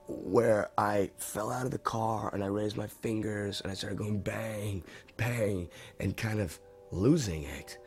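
A man, an actor, telling lively anecdotes from a film shoot in an interview. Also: fairly low pitch. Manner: animated storyteller acting out voices.

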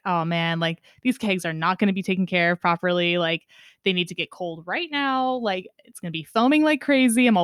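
A woman co-hosting a podcast, relaxed casual chat with frequent laughs and fillers. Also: fairly low pitch, dry recording, studio quality.

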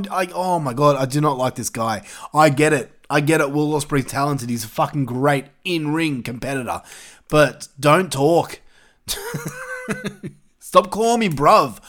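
A man ranting through casual solo commentary, swearing freely and sounding exasperated. His voice sits a bit high for a man and swings lively up and down. He hosts his own review show and talks straight to the listener. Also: a little slow. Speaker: wrestling review show host.

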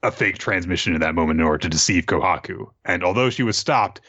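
Deep-voiced young man recapping a comic. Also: quick pace, sharp tone. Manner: casual, swears, fillers. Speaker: podcast host. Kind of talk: casual recap chat. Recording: slightly dull, dry sound.

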